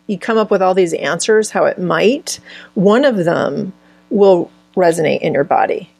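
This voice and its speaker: Woman, gravelly voice, husky tone, healer guest, restarts sentences while thinking, conversational. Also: fairly low pitch, a little mellow, dry recording. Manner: searching, restarts phrases mid-thought. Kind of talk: conversational interview answers.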